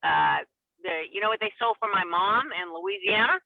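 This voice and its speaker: A woman comedian calling in by phone, telling stories in an animated way and laughing often. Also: medium pitch, normal speed. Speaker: guest comedian. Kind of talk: casual chat with storytelling. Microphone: phone call. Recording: tinny dry phone line.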